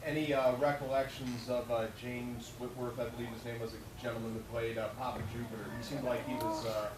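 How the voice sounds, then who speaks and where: A man in the audience asking a halting question, searching for words. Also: medium pitch, little pitch movement. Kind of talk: question from the floor. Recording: echoey hall, distant mic, noisy ambience.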